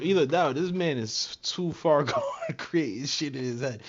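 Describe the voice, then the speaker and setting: A man's voice: a little high, moderate pace, few pauses. Emphatic man reacting, slightly dull sound. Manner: emphatic, keeps repeating "bro". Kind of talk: casual reaction chat.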